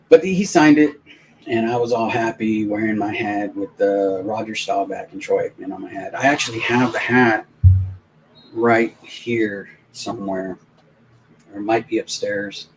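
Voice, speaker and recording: A man hosting a live stream, telling a long, rambling anecdote in casual, animated talk with many restarts. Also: fairly low pitch, a little hiss or hum, low-quality recording. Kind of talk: casual storytelling on a live watch-along stream.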